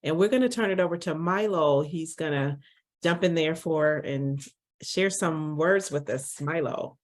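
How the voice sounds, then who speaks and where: A woman hosting an online support meeting on a video call, halting and thankful, restarting sentences. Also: low-pitched. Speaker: meeting host.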